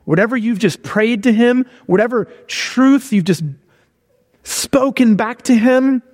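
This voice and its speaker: A man's voice: very high-pitched, measured pace, darkish tone, long reverb tail. A man giving a conversational sermon who keeps checking in with his listeners with "okay?" and "all right?". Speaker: preacher.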